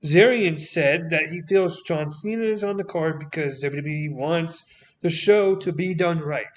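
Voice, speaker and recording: A man's voice: a little high, a little slow. A man with a Canadian accent hosting a casual podcast, reading news items aloud with blunt, sweary, sarcastic asides. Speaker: podcast host.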